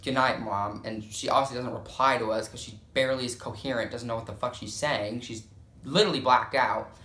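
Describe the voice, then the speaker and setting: Bright-voiced young man swearing through a story. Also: mid-range voice, fairly even intonation, brisk, reverberant. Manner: profane, dramatic, filler-heavy storytelling. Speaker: storytime vlogger. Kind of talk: casual storytime.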